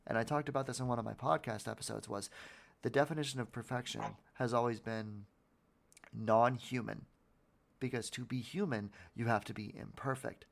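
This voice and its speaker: A man's voice: mid-range voice, fairly even intonation, fairly quick, gravelly. A man hosting a podcast, talking in a casual, earnest way about motivation, often repeating words as he goes and swearing now and then. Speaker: podcast host.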